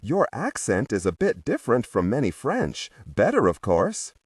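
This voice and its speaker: A man's voice: mid-range voice, wildly swooping pitch, moderate pace, slightly rough, dry recording, far from the mic. A man voicing a breezy young woman. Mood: playful. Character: lively young woman at a tea dance.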